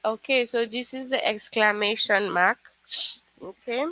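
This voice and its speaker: Slow, bright-voiced woman teacher. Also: fairly high pitch, no room sound, rough recording. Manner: patient, explains step by step with frequent "okay". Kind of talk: live online English lesson for children.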